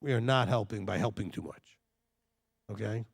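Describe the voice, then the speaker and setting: A man in his fifties giving a lively, joking sermon-style talk to a congregation. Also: lowish voice, moderate pace, vocal fry, husky. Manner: animated and jokey, with mocking quoted voices. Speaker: teacher at a Torah study.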